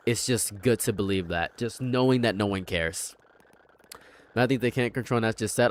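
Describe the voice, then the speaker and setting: A man's voice: mid-range voice, lively intonation, normal speed. A young man chatting casually on a livestream from his room at home, rambling, repeating himself and mocking people. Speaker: streamer.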